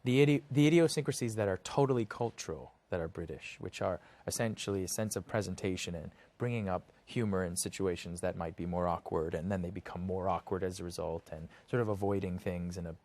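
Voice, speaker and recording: A man's voice: low voice, fast talker, hardly any pauses, a little mellow. An American actor being interviewed, talking in a thoughtful way and hunting for his words with many fillers. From United States. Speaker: actor guest. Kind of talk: casual interview chat.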